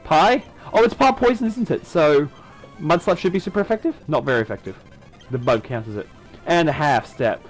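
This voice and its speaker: A man's voice: on the high side, expressive, fairly quick, faint music behind, low-quality recording. A man doing casual let's-play commentary on a video game, chatty and self-mocking. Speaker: gaming YouTuber.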